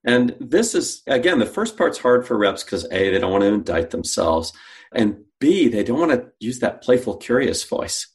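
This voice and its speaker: Very animated and talking at normal speed with a medium-pitched voice, the sales company founder tells a story as an interview guest, acting out each line of quoted dialogue.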